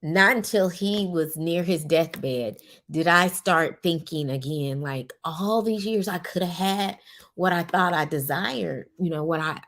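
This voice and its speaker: A middle-aged woman hosting a podcast, speaking slowly and reflectively with many pauses, and at times tearful. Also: low voice. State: tearful at moments. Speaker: podcast host. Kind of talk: personal monologue.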